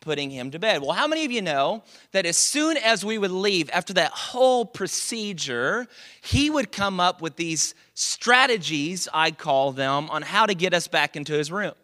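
A man's voice: sits high, expressive, moderate pace, sharp tone. A man preaching a sermon as pastor, conversational and joking, asking the congregation rhetorical questions.

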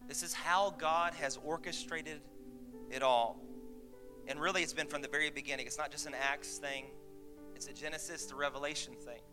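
A man's voice: fairly high pitch, steady tone, normal speed, over music. A man preaching a sermon to his church, chatty with laughing asides, building to emphatic points. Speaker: pastor. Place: church sanctuary.

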